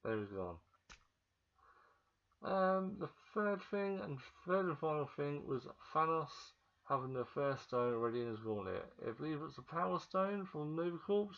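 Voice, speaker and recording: A man giving a casual, excitable movie review vlog, chatting straight to the viewer and often repeating himself. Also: a little high, normal speed, gravelly. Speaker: vlogger. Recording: dull lo-fi recording.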